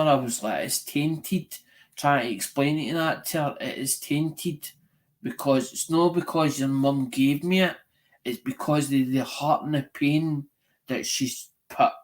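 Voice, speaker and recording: A middle-aged Scottish man hosting a live-stream show, chatting casually and telling a rambling story peppered with "right?" and swearing. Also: mid-range voice. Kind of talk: casual chat.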